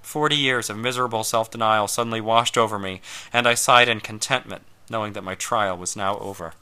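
Bright-voiced man reading a story. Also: fairly low pitch, steady tone, a little fast, smooth. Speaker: narrator. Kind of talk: first-person story reading.

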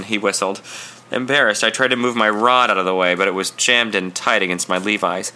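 A man reading a first-person story aloud in an intense, confessional, measured narration. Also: on the low side, steady tone, bright, forceful tone. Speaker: audiobook reader.

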